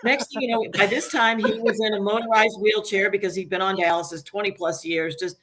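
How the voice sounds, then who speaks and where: A woman's voice: medium pitch, a little fast, slight background noise. Woman telling a heartfelt story. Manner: emotional, animated storytelling with quoted voices. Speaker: guest, dialysis industry worker. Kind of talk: casual podcast storytelling.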